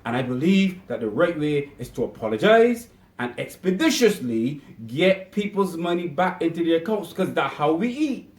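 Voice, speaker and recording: A man with a somewhat high voice speaks his mind in an indignant monologue. He repeats his points and punches them hard. The sound rings in an echoey room. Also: sing-song, moderate pace. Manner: indignant, repetitive, building to emphatic outbursts. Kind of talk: opinion monologue.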